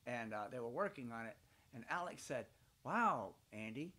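Sitting by his home fireplace, an older Southern storyteller from Georgia spins playful, rambling tales for kids. He speaks chattily and fairly quickly, with an animated, medium-pitched voice that's a bit bright.

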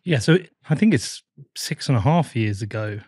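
A man's voice: mid-range voice, lively intonation, normal speed, darkish tone, breathy edge, no echo. A man with a mid-range voice hosts a podcast interview, asking loose, rambling questions in a casual tone. The sound is dry and close. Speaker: podcast host. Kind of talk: conversational interview.

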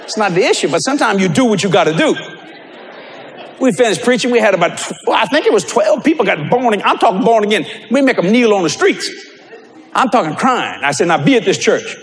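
A man preaching a sermon, telling stories with animated delivery and bursts of shouting. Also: high voice, fast, a faint crowd, slight background noise. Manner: animated storytelling, breaks into shouts.

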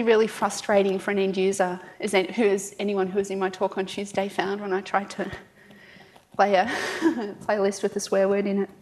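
A woman's voice: medium pitch, darkish tone, in a large hall. An Australian woman giving a conference talk, chatty and joking with the audience. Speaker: conference speaker.

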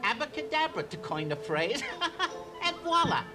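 A man's voice: extremely high pitch, sing-song, normal speed. A man voicing a bumbling, grumpy stage magician with theatrical patter in a cartoon. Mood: blustering. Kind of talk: cartoon voice acting. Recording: soundtrack with loud music behind. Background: cartoon music.

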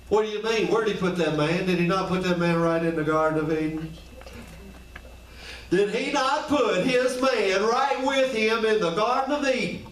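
Heard from a distance in an echoey space with slight background noise, a man with a high voice delivers a casual, colloquial sermon. He keeps putting questions to the congregation one after another.

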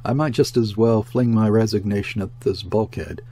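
A man's voice: fairly low pitch, normal speed, warm tone, lightly acted. A man doing an exasperated young ship's mate. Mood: weary. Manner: indignant, bursting out.

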